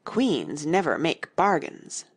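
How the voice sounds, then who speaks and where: A woman's voice: fairly low pitch, sing-song, a little slow, slightly rough, exaggerated voice. A woman reading the part of a stern, bossy elderly queen who lectures emphatically in a fairy-tale audiobook. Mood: haughty.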